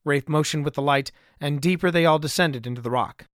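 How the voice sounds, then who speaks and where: A man narrating his own adventure story in an even, measured way, recorded close to a studio mic. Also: fairly high pitch. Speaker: author and narrator. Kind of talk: scripted audiobook narration.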